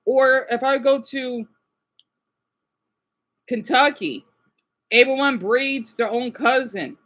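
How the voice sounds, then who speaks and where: A woman's voice: sits high, slow, long pauses, fairly bright tone. A woman vlogger ranting casually, frustrated and swearing at her laptop.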